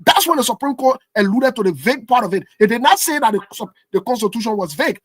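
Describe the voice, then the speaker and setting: A man's voice: very high voice, lively intonation, fast, a bit bright, breathy edge. A man, arguing a constitutional point in a heated political debate and insisting on finishing his point. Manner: insistent, holds the floor with repeated no's. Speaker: political commentator.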